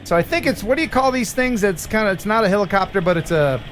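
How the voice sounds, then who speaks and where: Lively joking male stream host. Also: high voice, quick pace, slight background noise. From United States. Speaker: livestream host. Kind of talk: casual live chat.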